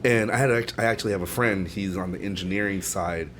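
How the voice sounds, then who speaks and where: A man's voice: deep voice, fast talker, a bit bright, a little hiss or hum. A man co-hosting a casual podcast chat, explaining things at length with lots of fillers. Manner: rambling explainer, many fillers. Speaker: podcast co-host.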